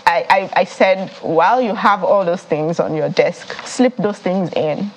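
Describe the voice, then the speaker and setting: A woman's voice: on the low side, unhurried, slight background noise, poor audio. A woman chatting casually as a guest on a studio talk show, laughing often.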